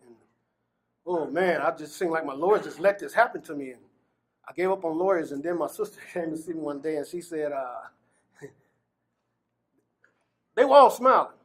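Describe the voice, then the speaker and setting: High-voiced man telling his story. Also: fast, pauses often. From Gary, Indiana. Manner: animated storytelling, acting out quoted dialogue and laughing between phrases. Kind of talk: personal testimony in an interview.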